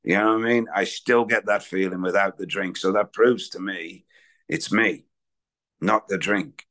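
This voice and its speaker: A man's voice: low voice, fairly even intonation, normal speed, fairly bright tone. A man speaking candidly and in a rambling way at a recovery meeting, sharing his own story. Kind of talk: personal recovery share.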